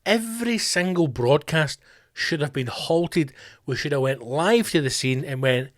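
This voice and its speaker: A man's voice: on the high side, measured pace, no echo, studio quality. Sweary Scottish man ranting on a podcast. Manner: sweary, animated, slips into mock voices. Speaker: podcast host. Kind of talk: profane comedic rant.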